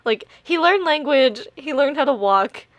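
A woman's voice: sits high, animated, a little slow, dry recording, dull audio. A young woman co-hosting a podcast, chatting casually, swearing freely and laughing often. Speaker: podcast co-host. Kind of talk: casual chat.

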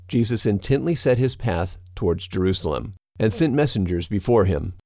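A man reads scripture aloud in a steady, measured way. His voice sits low, and the recording is dry and close, with no room sound. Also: no room sound. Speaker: narrator.

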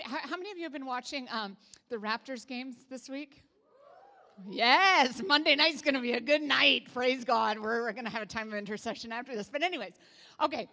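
A woman's voice: sits high, sharp tone, big-room sound. A woman pastor from Canada preaching a sermon in a casual, humorous way, with asides to the congregation. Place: church sanctuary.

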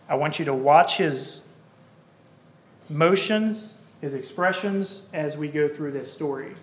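A man preaching a sermon, telling an illustration and reciting a poem in a measured storytelling way. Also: fairly high pitch, roomy sound.

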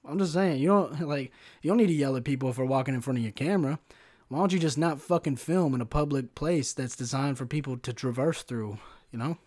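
A man's voice: medium pitch, fairly quick, a little mellow. A young man hosting a solo podcast rant, profane and sarcastic, constantly saying "bro" and "like". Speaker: podcast host.

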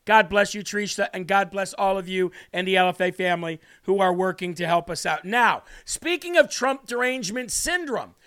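A man hosting a political commentary livestream, mocking and ranting with bursts of shouting. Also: sits high, lively intonation, moderate pace, hardly any pauses, clean tone. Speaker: livestream host.

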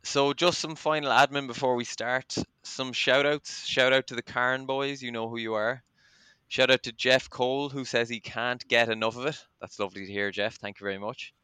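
A man's voice: mid-range voice, steady tone, moderate pace, pushed and bright, clean tone, dry recording. An Irish man hosting a casual podcast chat, chatty and self-deprecating, with plenty of ums. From Ireland. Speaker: podcast host.

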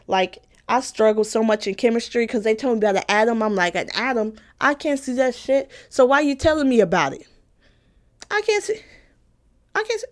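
A young adult woman giving an opinion rant as a vlogger, emphatic and repetitive, swearing freely and laughing mid-sentence. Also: fairly high pitch.

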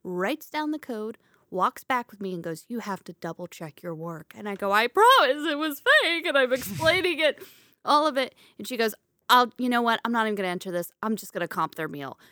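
Bright-voiced woman telling a lively story. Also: mid-range voice, fairly quick, dry recording, studio quality. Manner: animated storyteller acting out quoted voices, laughs often. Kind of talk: casual storytelling chat.

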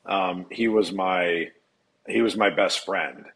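A man's voice: low-pitched, takes it slowly, fairly bright tone, rough recording. A man from Nebraska telling his recovery story as a podcast guest, candid, blunt and profane.

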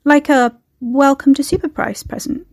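A woman's voice: high voice, fairly even intonation, moderate pace, darkish tone, pitched above the performer's own voice. A woman voicing an eager, chatty young supervisor who is bursting with curiosity. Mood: friendly.

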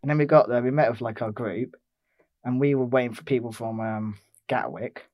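A man's voice: mid-range voice, a little fast, dry recording, muffled recording. A young man from England telling a rambling holiday story in casual chat, with lots of fillers and restarts. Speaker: podcast co-host.

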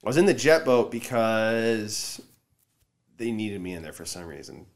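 A man telling a story in casual podcast chat, acting out shouted lines with energy. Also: lowish voice, a little slow. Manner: animated, loud when acting out shouted lines.

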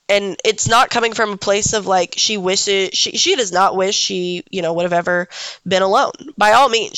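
A young woman talks through a solo podcast, congested but still smooth-toned. She speaks candidly and rambles, with plenty of fillers and the odd swear word. The recording is close and dry, with no room sound. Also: medium pitch, fairly bright tone, no room sound. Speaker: podcast host.

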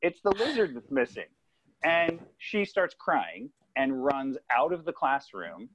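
A man's voice: mid-range voice, unhurried, a little hiss or hum. A man, a podcast co-host, telling a story in casual chat and acting out the voices of the people in it. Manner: animated, acts out kids' voices while telling a story. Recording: dry, slightly dull sound.

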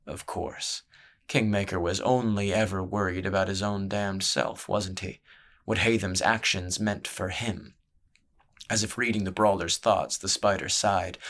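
A man narrating a fantasy story in a steady, measured way. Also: sits low. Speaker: audiobook narrator.

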